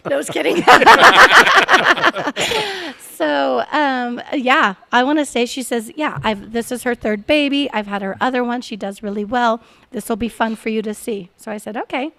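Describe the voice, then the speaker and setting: Animated woman in her forties telling a story. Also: fairly high pitch, unhurried, gravelly. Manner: animated, laughs often, acts out quoted voices. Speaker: podcast guest. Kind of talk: casual storytelling.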